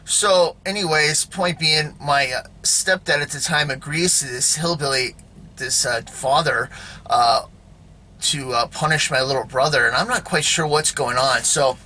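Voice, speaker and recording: Rambling man with a bright voice. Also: medium pitch, a little hiss or hum. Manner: rambling, full of fillers and tag questions. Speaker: video host. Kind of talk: casual storytelling monologue.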